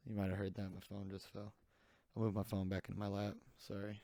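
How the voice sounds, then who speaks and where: A man's voice: on the low side, completely flat delivery, quick pace, mellow, a little hiss or hum. A man hosting a casual solo podcast, rambling with many fillers and restarts. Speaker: podcast host.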